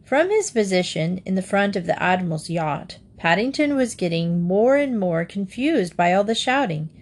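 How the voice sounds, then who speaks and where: A woman reading a children's storybook aloud in a gentle manner. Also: mid-range voice, animated, normal speed. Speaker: narrator.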